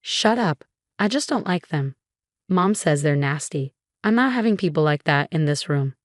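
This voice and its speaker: Woman doing a curt young husband, hot-tempered, harsh, lowish dry voice. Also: expressive, moderate pace, dry recording. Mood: angry. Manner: curt and angry.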